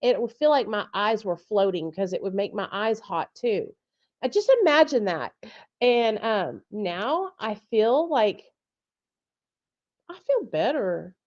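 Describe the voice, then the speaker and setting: A woman's voice: medium pitch, sing-song, a little slow, darkish tone, lo-fi sound. A woman hosting a casual live chat, talking bluntly with frequent swearing and laughter over a video call. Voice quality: blunt, profane, laughs often. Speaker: podcast host.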